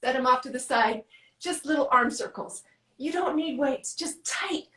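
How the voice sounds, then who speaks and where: A woman fitness coach guiding a workout with quick, encouraging cues, out of breath. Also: high-pitched, bright, forceful tone, roomy sound, poor audio.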